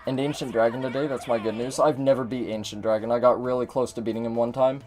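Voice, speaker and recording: A man's voice: mid-range voice, fairly even intonation, quick pace, over music. A man giving casual gameplay commentary as a streamer, chatty and swearing a lot.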